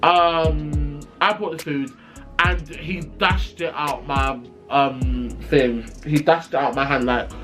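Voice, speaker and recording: Guy spilling a storytime, kinda high voice, sassy and sweary, faint music behind. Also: slow. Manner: animated, sassy and profane, acting out quotes. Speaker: vlogger. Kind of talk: storytime vlog.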